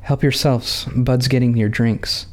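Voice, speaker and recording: A man's voice: medium pitch, fairly even intonation, measured pace, natural voice. A man reading aloud and voicing a plump, blushing farm wife who fusses over her guests as hostess. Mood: flustered.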